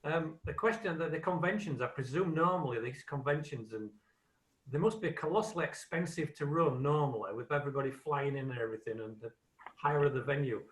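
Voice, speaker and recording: A man's voice: on the high side, brisk, far from the mic. Tentative Yorkshire man in a roomy space. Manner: polite, tentative. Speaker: club member asking a question. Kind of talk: casual question.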